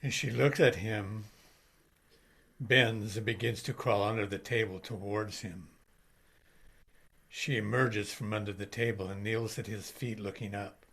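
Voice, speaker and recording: A man reading the stage directions of a play aloud in a slow, matter-of-fact way. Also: lowish voice, steady tone, gravelly, a bit bright, breathy edge.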